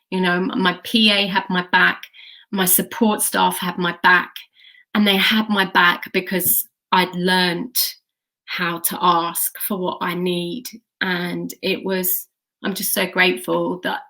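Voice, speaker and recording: A woman's voice: mid-range voice, fairly bright tone. A woman coach teaching to camera, speaking in an encouraging way and often checking in with her listeners. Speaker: intuition coach.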